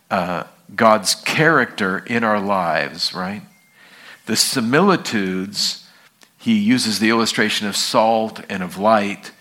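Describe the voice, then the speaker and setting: A man's voice: fairly low pitch, pushed and bright. A man pastor teaching an evening sermon, reading scripture and asking the congregation questions in a conversational way.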